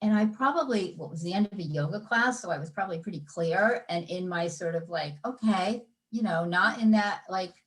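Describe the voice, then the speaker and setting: A middle-aged woman, a life coach guest on a podcast, telling personal stories in a lively conversational way and acting out her inner voices. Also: lowish voice, a little fast, few pauses. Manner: animated storyteller, acts out inner voices. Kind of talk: conversational interview.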